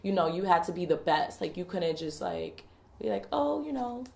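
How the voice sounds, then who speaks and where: A woman co-hosting a podcast in casual chat, talking in an animated way with lots of fillers and laughter. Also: lowish voice, moderate pace, vocal fry. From West Indies. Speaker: podcast co-host. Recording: echoey room.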